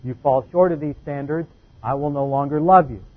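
A man's voice: fairly high pitch, a little fast, husky, phone-quality sound. A man preaching a methodical doctrinal Bible lesson, laying out numbered points and careful definitions.

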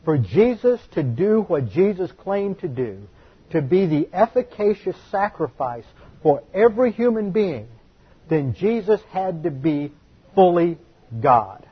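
Bible teacher, male, fairly high and husky voice, explanatory and emphatic, muffled lo-fi recording. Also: big pitch swings. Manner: explanatory, emphatic, slows to stress key words. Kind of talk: Bible study lecture.

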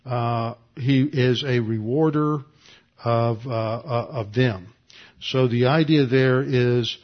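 A man's voice: mid-range voice, muffled recording. A pastor teaching a verse-by-verse sermon to his congregation, explaining Greek grammar with frequent "uh"s. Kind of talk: expository sermon. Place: church room with congregation.

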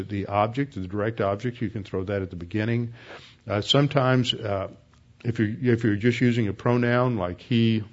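Male Bible study teacher, explanatory and halting, muffled lo-fi recording. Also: mid-range voice, a little mellow. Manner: explanatory, halting with many fillers and restarts. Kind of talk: classroom lecture.

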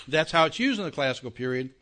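A man giving a Bible class lecture in a conversational way, often checking that his listeners follow and slowing down to stress key words. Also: on the high side, big pitch swings, pushed and bright. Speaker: Bible teacher.

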